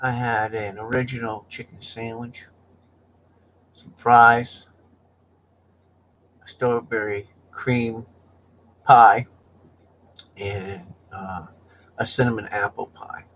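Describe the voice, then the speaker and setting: A man's voice: medium pitch, level tone, slow pace, long pauses, a bit bright. A man chatting casually and rambling on a livestream, joking and laughing often. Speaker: livestream host.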